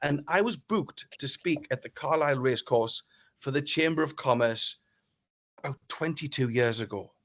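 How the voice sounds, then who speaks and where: A middle-aged man, a business speaker, tells a story to an online audience in a lively way and acts out the dialogue with exclamations. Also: mid-range voice, moderate pace.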